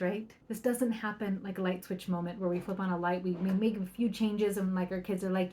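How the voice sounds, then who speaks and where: A woman's voice: medium pitch, fairly even intonation, brisk, few pauses. Chatty upbeat woman parenting coach. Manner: chatty, upbeat, keeps asking "right?", acts out soft quoted lines. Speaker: parenting coach and podcast host. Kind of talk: solo podcast advice.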